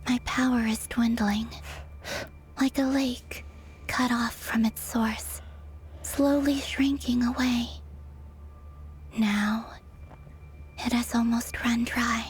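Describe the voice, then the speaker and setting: A woman voicing a weary, fading frost moon goddess in a game, in a breathy, solemn whispered role-play. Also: fairly high pitch, steady tone. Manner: solemn, sorrowful, measured.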